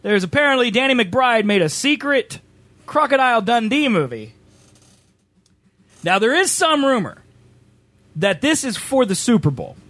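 A man's voice: extremely high pitch, big pitch swings, moderate pace, pauses often, a bit bright, no room sound. A man hosting a casual reaction stream, chatty and joking. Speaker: streamer host.

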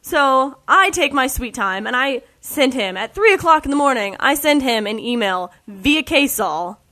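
A young woman telling a story in casual chat, animated and full of "like"s. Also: high voice, unhurried. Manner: chatty, animated, many "like"s.

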